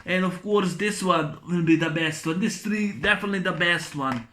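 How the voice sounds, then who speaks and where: A man's voice: sits high, moderate pace, bright, forceful tone. A man giving a casual spoken film review, rambling and repetitive, ranting with blunt swearing.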